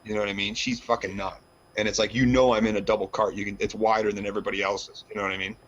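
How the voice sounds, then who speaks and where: Profane low-voiced man telling a story. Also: level tone, racing, a bit bright. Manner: profane, storytelling, acts out quotes in a higher voice. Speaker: podcast co-host. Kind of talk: casual chat. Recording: dull lo-fi sound with faint noise.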